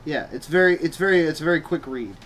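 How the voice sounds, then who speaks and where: Rambling man with a higher voice. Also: fast, fairly bright tone. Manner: rambling, hesitant, many fillers and restarts. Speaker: comic book podcast co-host. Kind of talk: casual chat.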